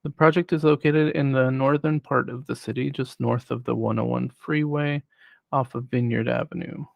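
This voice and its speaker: Gravelly man reading a staff report. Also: medium pitch, steady tone, no room sound, dull audio. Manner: measured, reads prepared remarks. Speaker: city planning staff presenter. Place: city council chamber.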